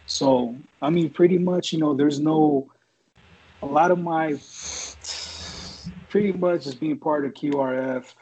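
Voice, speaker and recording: A man's voice: fairly high pitch, expressive, unhurried, gravelly, long pauses, mellow, slight background noise. A former Marine man telling a story in a casual, rambling, profane way. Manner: profane, rambling, laid-back. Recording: dull lo-fi audio.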